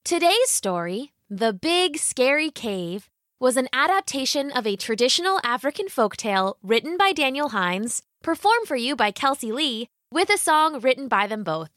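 A woman host reading a scripted podcast outro in a cheerful, lively way. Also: high-pitched, moderate pace, dry recording, clean studio sound.

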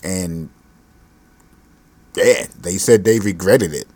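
A man who is a parent rants alone on his own podcast, rambling, exasperated and profane. His voice is low and darkish, he takes it slowly, and the recording is dry.

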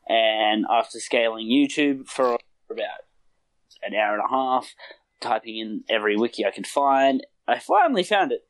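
A man's voice: medium pitch, lively intonation, normal speed, no room sound, low-quality recording. A man in casual chat with a friend, laughing often and acting out quotes with some swearing.

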